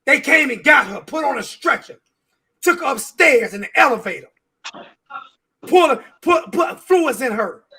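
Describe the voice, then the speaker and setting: A man's voice: very high voice, expressive, normal speed, bright, forceful tone. A man on a sports talk show, ranting with heavy swearing and repeating his words. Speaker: show regular.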